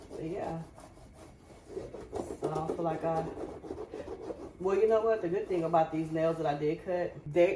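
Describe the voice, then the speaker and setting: A woman's voice: low voice, echoey room, background noise. A woman vlogger and mother, chatting casually and confidingly to her viewers while she cleans and cooks at home. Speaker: lifestyle vlogger, mother and wife. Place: home kitchen.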